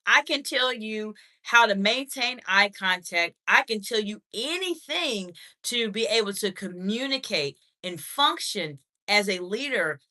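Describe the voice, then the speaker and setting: A woman's voice: fairly high pitch, pushed and bright. A woman hosting a live question-and-answer stream on leadership communication, reading viewer comments and answering in a direct, encouraging way.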